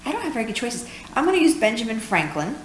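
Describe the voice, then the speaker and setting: A woman's voice: a little high, very animated, fast. A woman from New York co-hosting a casual board game playthrough, chattily explaining rules and cracking jokes at a table at home. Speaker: co-host. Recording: echoey room, faint room noise.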